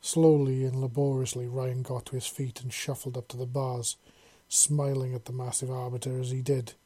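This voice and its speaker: A man reading a science-fiction fan story aloud, in steady descriptive narration. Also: medium pitch, moderate pace, no echo.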